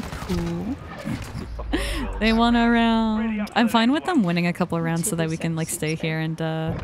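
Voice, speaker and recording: A young woman streaming a shooter game, chatting casually with viewers, excitable and swearing often. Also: fairly low pitch. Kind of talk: casual gaming stream chat. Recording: noisy background hiss.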